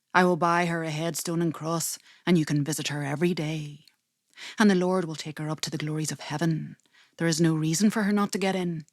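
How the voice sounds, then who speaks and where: Gentle, coaxing young woman, lower and soft, played by a female storyteller. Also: no room sound, studio quality. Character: Maggie, gentle soothing young woman comforting a grieving father.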